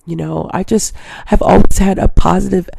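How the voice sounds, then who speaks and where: A woman's voice: on the low side, fairly even intonation, moderate pace, gravelly, background noise. A woman in her thirties from Hawaii, hosting a casual live stream and rambling to her viewers. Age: 30s. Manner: rambling, chatty, keeps addressing viewers.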